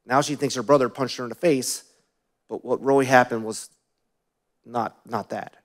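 A male pastor giving a sermon, telling personal stories in a conversational way and asking the congregation questions, often dropping to quieter asides. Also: mid-range voice, steady tone, moderate pace.

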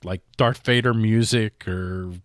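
A man's voice: lowish voice, steady tone, a little slow, no room sound, studio quality. A man co-hosting a podcast, chatting casually and sarcastically with rambling restarts. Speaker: podcast co-host. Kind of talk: casual political chat.

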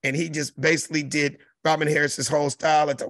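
A man's voice: fairly high pitch, a little fast, sharp tone, no room sound. A middle-aged man from South Central Los Angeles, a comedian telling a profane, emphatic story as an interview guest. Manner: profane, emphatic, mimics crowd noises. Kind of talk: animated storytelling.

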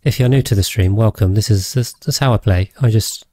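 A man's voice: on the low side, fairly quick, warm tone, no room sound, clean studio sound. A man rambling casually as he streams a game, thinking aloud and thanking his viewers. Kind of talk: casual gameplay livestream chat.

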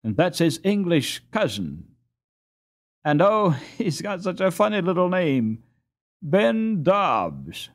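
A man's voice: high voice, very animated, slow pace, voice pushed up, full character voice. A man voicing a boy eagerly sharing news in an audiobook. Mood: pleased. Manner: pleased, chattering. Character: eager know-it-all boy.

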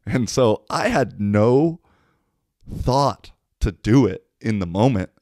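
A man's voice: medium pitch, very animated, unhurried, darkish tone, dry recording, studio quality. An American man hosting a podcast, telling stories in a laid-back, profane, casual monologue. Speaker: podcast host.

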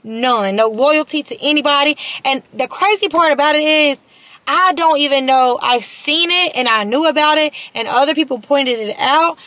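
A woman's voice: sits high, normal speed, pushed and bright, no room sound. A young woman telling a personal story straight to camera in a vlog, emphatic and repeating words for stress. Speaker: beauty and lifestyle vlogger. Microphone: compact camera mic.

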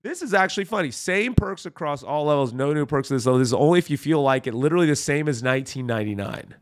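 Sarcastic man ranting with lively pitch. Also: fast. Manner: sarcastic and mocking, with exaggerated fake enthusiasm; speaks directly to viewers as friends. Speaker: commentary host. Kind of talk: ranting reaction commentary.

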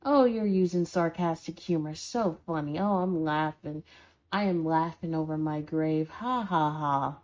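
Woman voicing a sarcastic demon girl for a listener role-play; a highish voice, scolding and dramatic. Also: sing-song, slow, a little mellow, heavily acted. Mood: mocking sarcasm. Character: sarcastic horned female demon, bratty and scolding.

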